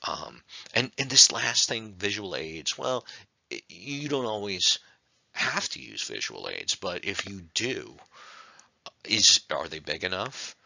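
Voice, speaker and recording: Man, speech instructor: low, gravelly voice, lively pitch, talks in rhetorical questions. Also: slow pace, dry recording, dull audio. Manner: conversational, with many fillers and rhetorical questions. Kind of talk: recorded online lecture.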